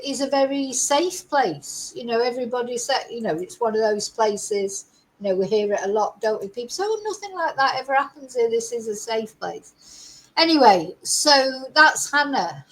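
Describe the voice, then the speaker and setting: A woman giving casual, opinionated true crime commentary, sarcastic at times and chatty with many fillers, her throat a little rough. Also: a little high, a bit bright, poor audio. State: slight frog in throat, clearing throat.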